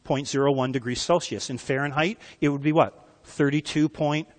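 A man preaching a sermon, teaching with lively asides and questions to his listeners. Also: a little high. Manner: animated teaching with quick asides and questions to the crowd. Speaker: pastor. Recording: long reverb of a hall.

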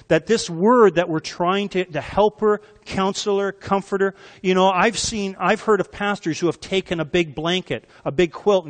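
A man's voice: fairly high pitch, big-room sound. A male pastor preaching a sermon, emphatic and asking the congregation questions as he goes.

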